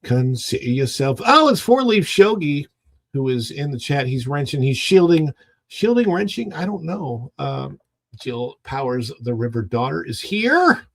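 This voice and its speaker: A man's voice: mid-range voice, sing-song, a little slow, creaky, no echo. A man hosting a casual home livestream who rambles and greets chat viewers one by one. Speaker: livestream host.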